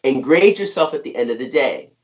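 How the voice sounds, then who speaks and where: A man's voice: medium pitch, expressive, brisk. A middle-aged man, an author and guest, talking energetically and emphatically over a video call, often tagging on "right?". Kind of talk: conversational interview.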